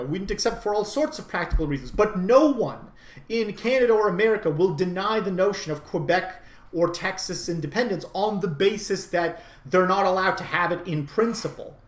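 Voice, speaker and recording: A man's voice: high-pitched, echoey room. A man delivering an opinionated monologue, emphatic and insistent, often repeating and restarting phrases. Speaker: commentator. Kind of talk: unscripted monologue.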